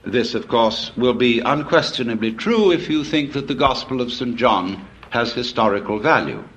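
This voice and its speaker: A man's voice: mid-range voice, moderate pace, fairly bright tone. A man giving a public lecture, telling stories in a wry, discursive way with frequent asides.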